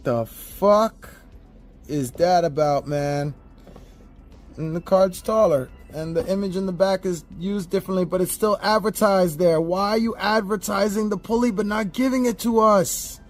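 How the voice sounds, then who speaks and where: A man giving a casual toy unboxing review, talking straight to viewers with animated, profane, exasperated rants. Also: sits high, moderate pace, hardly any pauses, soft background music.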